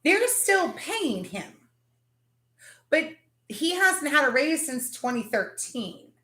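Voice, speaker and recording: A woman hosts a casual live chat, greeting viewers as they drop in. Her voice sits fairly high, and the room around her rings with echo. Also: big pitch swings, slow, pushed and bright. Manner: chatty, greets viewers by name. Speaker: livestream host.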